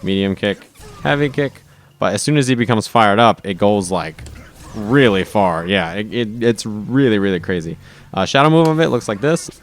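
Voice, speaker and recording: Man, lowish voice, relaxed gameplay commentary, chatty tutorial delivery. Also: normal speed, soft background music. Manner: casual, enthusiastic, frequent "right?" and restarts. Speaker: fighting game video host.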